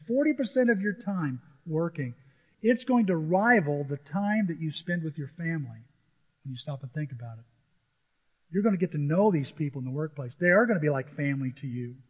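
A man gives a sermon as pastor, chatting and telling stories with acted-out quotes. His voice sits a little high. The sound is dull and rings with a long hall reverb. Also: husky. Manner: conversational storytelling with acted quotes.

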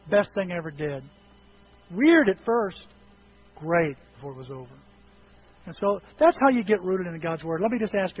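A pastor preaching a sermon, moving from quiet, conversational talk to impassioned shouting and acting out prayers. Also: male voice, sits high. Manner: acts out prayers and dialogue. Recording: dull lo-fi with faint noise.

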